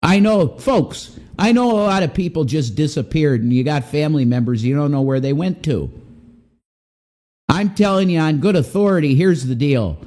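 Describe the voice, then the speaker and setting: A man's voice: fairly high pitch, expressive, normal speed, warm tone, natural voice. A man doing an impression of a folksy, bumbling elderly male president who keeps repeating stock phrases. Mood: reassuring.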